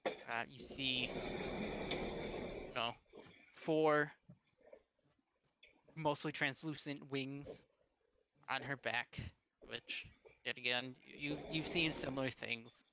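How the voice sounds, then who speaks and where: A man narrating as game master in a tabletop game, halting and full of fillers and restarts. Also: mid-range voice, fairly even intonation, background noise.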